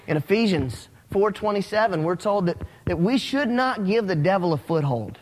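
A man preaching a sermon as a pastor, telling stories with animated, rising emphasis. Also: high voice, moderate pace. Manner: animated storytelling, rising when excited. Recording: long hall reverb.

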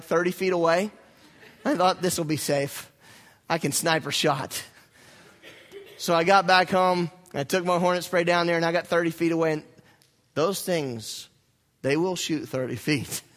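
A young adult man, a pastor, telling a story in a sermon with animated, self-mocking humor. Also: high-pitched.

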